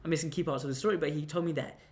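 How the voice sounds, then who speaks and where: A young man telling a casual anecdote, rambling and halting with many restarts and fillers. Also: a little high, steady tone, darkish tone. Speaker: storyteller.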